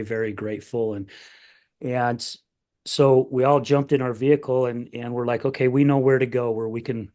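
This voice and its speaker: A man's voice: mid-range voice, a little mellow. A middle-aged man hosting a podcast, telling a heartfelt family story in casual chat, getting emotional and acting out the voices of his family. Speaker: podcast host.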